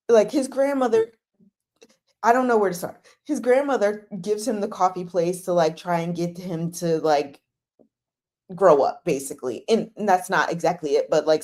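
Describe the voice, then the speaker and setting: A young woman hosting a live chat about dramas, talking casually and with animation, gushing one moment and exasperated the next. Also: on the low side. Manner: animated, gushing and exasperated, acts out her own reactions.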